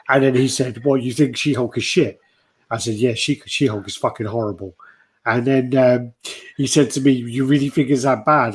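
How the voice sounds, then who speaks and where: A man's voice: medium pitch, husky. A man hosting a casual collectibles livestream, telling stories with plenty of swearing and greeting chat viewers. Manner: swears a lot, tells stories, reads out chat names.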